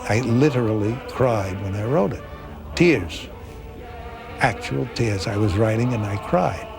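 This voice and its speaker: A man's voice: fairly low pitch, lively intonation, a little slow, gravelly, music in the background. An interviewed man speaking earnestly and emphatically about his writing. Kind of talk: interview recollection.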